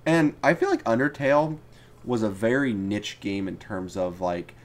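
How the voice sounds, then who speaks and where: A man co-hosting a casual gaming chat, excitable and rambling, often trailing off and restarting. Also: fairly low pitch, moderate pace. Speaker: podcast co-host.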